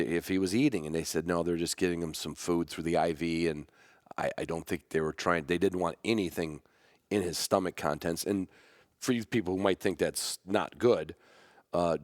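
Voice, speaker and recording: Deep-voiced man telling a dog story. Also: dry recording, clean studio sound. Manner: rambling, halting, with many restarts and fillers. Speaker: podcast host; hunting dog trainer. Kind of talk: personal storytelling.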